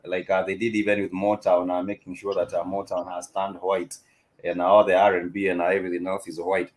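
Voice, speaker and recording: Hosting an online talk show, this man chats casually in a low, level voice at a fairly quick clip, hesitating often and filling his speech with fillers and repeated words. The recording quality is rough.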